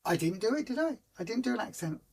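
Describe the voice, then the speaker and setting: A woman's voice: on the high side, sing-song, fast, a little mellow, husky. A woman hosting a weight-loss group's live stream, chatting casually, reading out viewer comments and poking fun at her own bad puns. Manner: chatty and rambling, self-mocking about bad puns.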